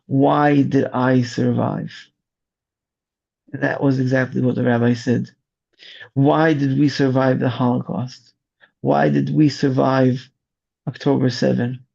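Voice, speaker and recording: A man who commands rescue volunteers, telling his story slowly in an interview and searching for his words. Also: mid-range voice, level tone, vocal fry, warm tone, slightly rough. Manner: slow, searching storytelling with restarts. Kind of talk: interview testimony. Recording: dull lo-fi audio.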